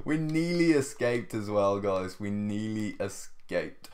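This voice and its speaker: A man's voice: on the low side, takes it slowly, fairly bright tone. A man giving casual gameplay commentary, chatting to his viewers, tired and yawning. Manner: chatty, keeps addressing viewers, laughs often. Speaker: gaming video host.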